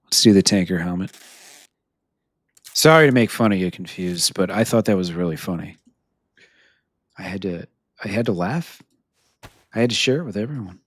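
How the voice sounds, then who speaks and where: In this dry recording, a man from the US speaks in a low, lively voice at a moderate pace, leaving long pauses. He's live-streaming a game, talking with chat, laughing a lot and thinking aloud while he searches for gear.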